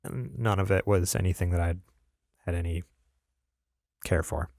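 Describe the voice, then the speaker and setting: Low gravelly man rambling about games. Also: steady tone, normal speed, very noisy. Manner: rambling, laughs often, many fillers. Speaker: podcast host. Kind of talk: casual gaming podcast chat.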